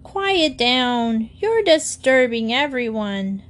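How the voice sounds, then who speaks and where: A woman's voice: on the high side, very animated, voice pushed up. A woman voicing a bossy, prim talking bird that scolds a boy. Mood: scolding. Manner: scolding, brisk.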